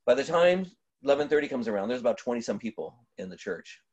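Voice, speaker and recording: A middle-aged man, a pastor, telling a story in conversation, animated, with many restarts and fillers. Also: mid-range voice, fast, husky, dry recording, muffled recording.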